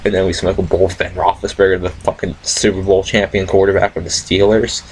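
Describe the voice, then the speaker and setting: Low-voiced young man rambling a story. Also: flat delivery, fairly quick, slight background noise, poor audio. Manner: loose, profane, laid-back, with many restarts and loud quoted voices. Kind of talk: rambling casual anecdote.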